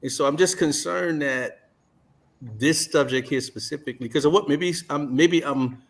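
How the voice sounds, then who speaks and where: A man's voice: a little high, moderate pace. Earnest middle-aged man on a panel. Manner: earnest, repeats himself to hold the floor. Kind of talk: casual panel chat.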